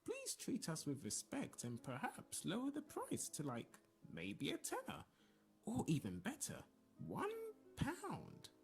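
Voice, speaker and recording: A woman's voice: mid-range voice, wildly swooping pitch, slow, soft background music, pitched above the performer's own voice, full character voice. A woman voicing a fiery, bitter old wife who snarls and complains. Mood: pleading.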